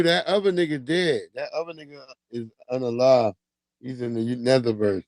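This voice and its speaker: A man's voice: medium pitch, normal speed, darkish tone, no room sound. Laid-back profane man livestreaming. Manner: loose, profane, laughing storyteller. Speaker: livestream host. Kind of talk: casual livestream commentary.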